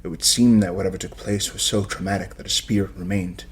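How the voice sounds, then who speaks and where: A man's voice: deep voice, steady tone, fast talker, a little hiss or hum, lightly acted. A man voicing a smug scholarly vampire seneschal. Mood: cold.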